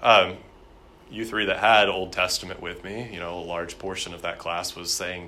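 A man's voice: low-pitched, level tone, normal speed, sharp tone. A man teaching a church history class in a conversational lecture, with frequent fillers and repeated words.

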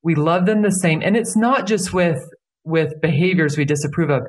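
A woman's voice: low voice, moderate pace. A woman who works as a life coach, speaking earnestly as a podcast interview guest and repeating key phrases for emphasis.

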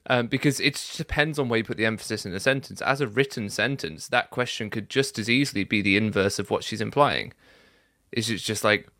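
A man in a casual discussion over a video call, analytical and halting. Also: medium pitch, a bit bright, no room sound, clean studio sound. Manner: analytical, halting, restarts often. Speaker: podcast co-host.

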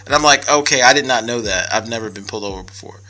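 With faint music in the background, a young man talks fast in a medium-pitched voice during a casual podcast conversation. He tells a story animatedly, laughing often and acting out voices.

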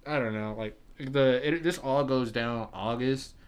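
A young man in his early twenties talks in relaxed podcast chat. His story runs on profanity and rising animation, with frequent laughs. His voice sits at an ordinary middle pitch for a man. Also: unhurried, clean tone. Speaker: podcast guest.

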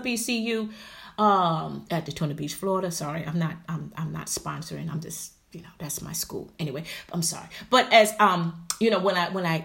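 Here a middle-aged woman vlogger with a medium-pitched voice narrates a tale to her viewers, animated and talkative. Terms like honey and y'all come up often, and she moves between booming moments and whispered side comments.

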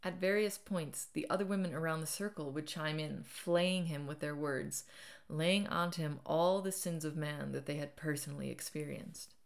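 A woman reading her own memoir aloud as an audiobook, dramatic, rising loud at times and falling nearly to a whisper. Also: sits low, normal speed, gravelly. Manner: dramatic, swells loud and drops to near whisper.

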